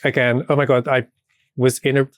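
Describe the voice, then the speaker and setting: Playful, animated British man. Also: mid-range voice, moderate pace, no room sound. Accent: British English. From Britain. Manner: animated and playful, often laughing, many filler words. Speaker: podcast guest, movement artist. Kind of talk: casual chat.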